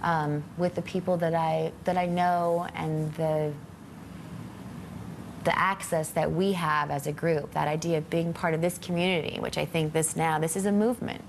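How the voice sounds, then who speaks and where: A woman with a very low, gravelly voice speaks thoughtfully in an interview, pausing on hesitant fillers. A clear background noise runs under her. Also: steady tone. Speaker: daughter of a patient. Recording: noisy background.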